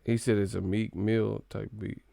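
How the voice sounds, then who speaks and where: Male streamer, animated and slangy; gravelly, dry sound. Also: fairly low pitch, normal speed, no echo. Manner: animated, slangy, laughs often. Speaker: live streamer. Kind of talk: casual live-stream chat.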